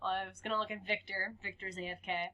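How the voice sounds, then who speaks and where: Bright, giggly woman playing a tabletop game. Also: mid-range voice, level tone, quick pace, muffled recording. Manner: giggly, talks in and out of character. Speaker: player.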